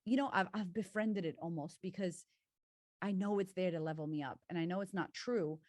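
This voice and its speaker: Woman coach, outspoken and expressive, frequent swearing, dry recording. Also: lowish voice, brisk, dry recording. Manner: swears freely, emphatic and expressive storytelling. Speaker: guest, confidence coach. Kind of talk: candid casual conversation.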